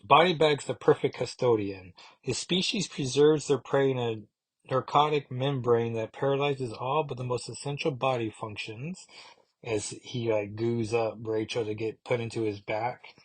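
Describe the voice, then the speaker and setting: A man's voice: medium pitch, normal speed, husky. A man casually recapping a comic book issue, rambling along with many asides. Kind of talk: casual comic review vlog.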